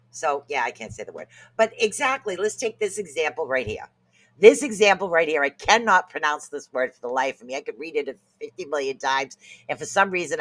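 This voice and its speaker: A podcast co-host talks casually about self-help with a bright, forward tone. They joke around and laugh at themselves when tricky words trip them up. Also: mid-range voice. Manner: jokey, laughs at own stumbles over words.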